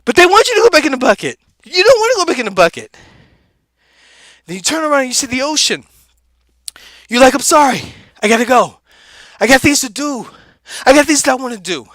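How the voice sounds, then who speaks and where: A man puts on a laid-back, street-talking comedic guy with a very high, bright, forceful voice. He preaches in an animated way and spits out strings of repeated words. The sound is dry and close. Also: fairly quick, long pauses, no room sound, full character voice. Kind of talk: animated motivational rant.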